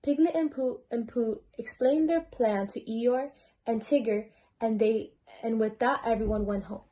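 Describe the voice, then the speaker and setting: Teenage girl, children's book read-aloud, mellow tone, slightly high voice, occasional stumbles. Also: unhurried. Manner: stumbles and restarts words while reading. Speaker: reading mentor.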